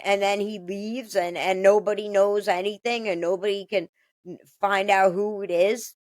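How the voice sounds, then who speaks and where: A woman's voice: medium pitch, no echo. A woman commentator talking to her viewers in a casual vlog, indignant and rambling, swearing often and restarting her sentences.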